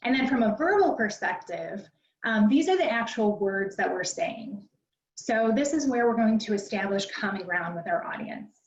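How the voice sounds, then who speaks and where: A woman teaching presentation skills in a conversational, instructive way, often pausing on "um". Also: medium pitch, animated, far from the mic. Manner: conversational and instructive, peppered with ums. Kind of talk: online library workshop lecture. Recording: dull, roomy sound from away from the mic.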